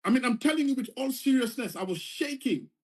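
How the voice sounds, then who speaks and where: A man tells a personal story in an earnest, vivid way, circling back to repeat key phrases. His voice sits fairly high for a man. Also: lively intonation, brisk. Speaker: former foreign service official telling his story.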